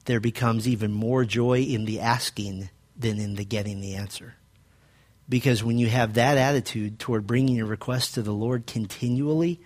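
In this sermon, a man who is a pastor shares a personal story, going low and quiet whenever he wants to drive a point home.

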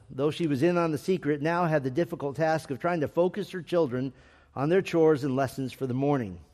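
In a slightly high voice, a man gently and measuredly tells a family story like a patient storybook narrator, voicing the quotes himself. Each line trails off into a long reverb.

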